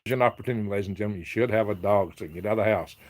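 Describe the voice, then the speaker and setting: A man's voice: fairly low pitch, racing. A man hosting a casual live stream, reading viewer comments aloud, chatting and laughing often. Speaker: livestream host reading chat.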